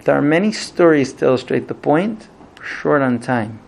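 A man's voice: on the high side, animated, moderate pace, vocal fry. A man giving a Bible lesson, telling the story animatedly and acting out quotes. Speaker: Torah teacher.

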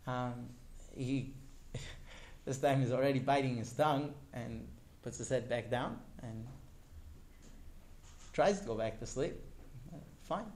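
A male teacher telling a story to his class in an animated way, often turning to ask the students directly. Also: mid-range voice, takes it slowly, pauses often.

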